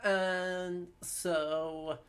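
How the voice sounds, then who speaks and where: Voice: mid-range voice, little pitch movement, extremely slow, clear, resonant tone. A live-stream co-host chatting casually, plugging the channel and recapping a game's story in an upbeat way. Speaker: co-host of a history gaming stream.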